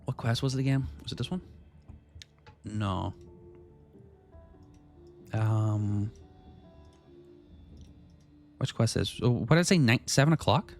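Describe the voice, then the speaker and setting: A man's voice: slow, creaky, pauses often, faint music behind. A man streaming a game live, chatting casually with his viewers and reading the game's text aloud. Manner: chatty, greets chat by name, lively pitch.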